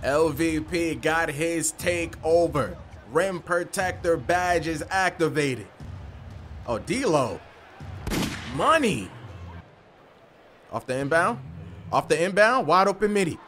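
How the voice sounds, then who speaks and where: A man giving excited gameplay commentary, hyping plays and often shouting. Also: a little high, takes it slowly, pauses often, soft background music. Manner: hypes plays with frequent shouting. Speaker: gaming video creator.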